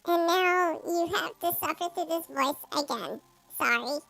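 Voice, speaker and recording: A woman streamer using a pitched-up voice filter to sound like a tiny chibi version of herself, chatty and giggly, meowing playfully. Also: measured pace, gravelly, a bit bright, heavily acted. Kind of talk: casual gaming stream chat.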